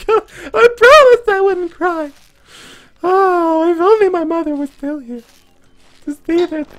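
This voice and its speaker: A man doing a comic impression of Abraham Lincoln as a giddy, gushing girly figure in a squeaky falsetto. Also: fairly bright tone, exaggerated voice. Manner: gushing, tearful falsetto mockery. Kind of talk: comic impression on a live stream.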